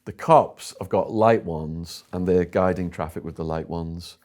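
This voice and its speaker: Deep-voiced English man telling stories. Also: unhurried. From England. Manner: animated storyteller voicing other people in quotes. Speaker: interview guest. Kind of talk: storytelling interview.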